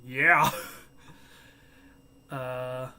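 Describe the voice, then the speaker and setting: A man's voice: medium pitch, steady tone, very slow, pushed and bright, a little hiss or hum. A young man hosting a live watchalong stream, chatting casually, joking and laughing at his own asides.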